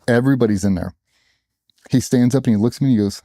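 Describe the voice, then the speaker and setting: Middle-aged male veteran guest, blunt and profane storyteller, deep mellow tone, dry close sound. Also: fast talker, no echo. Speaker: guest, former special operations sailor. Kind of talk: storytelling in a casual interview.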